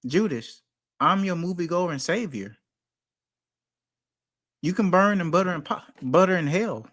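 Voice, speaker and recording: A man's voice: high voice, animated, a little slow, a bit bright. A man co-hosting a movie podcast, teasing and joking in casual chat. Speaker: podcast co-host.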